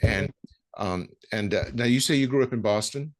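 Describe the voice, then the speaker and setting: A man hosting an interview, talking in a halting way with many ums and restarts, then landing his points with emphasis. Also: mid-range voice. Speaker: podcast host. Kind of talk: conversational interview.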